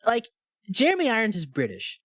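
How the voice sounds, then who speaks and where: A man's voice: high-pitched, a bit bright, dry recording, studio quality. A man co-hosting a casual movie review podcast, talking enthusiastically and rambling with many restarts. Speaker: podcast co-host. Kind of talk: casual film review chat.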